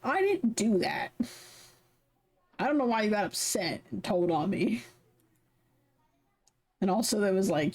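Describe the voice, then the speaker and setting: A woman's voice: mid-range voice, animated, normal speed, long pauses, a little mellow. A young woman on a live stream, talking casually and animatedly between lines of a game she reads aloud. She swears freely and rambles through stories. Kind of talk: casual chat while reading a visual novel aloud.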